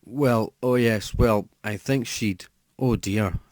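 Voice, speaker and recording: A man's voice: on the low side, slow, darkish tone, no echo. A man voicing a flustered, stammering priest. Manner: hesitant, stammering. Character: flustered young male priest, nervous.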